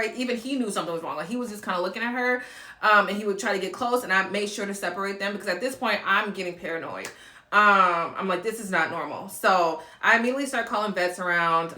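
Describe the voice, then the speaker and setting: A woman's voice: medium pitch, bright, forceful tone, roomy sound. A woman telling a personal story in a vlog, tearful and close to crying, with many fillers and restarts. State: close to tears.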